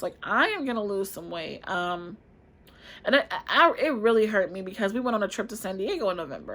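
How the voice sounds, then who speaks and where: Chatty woman in her twenties vlogging. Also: mid-range voice. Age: 20s. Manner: chatty, expressive, addresses viewers as y'all. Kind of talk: casual storytelling to camera.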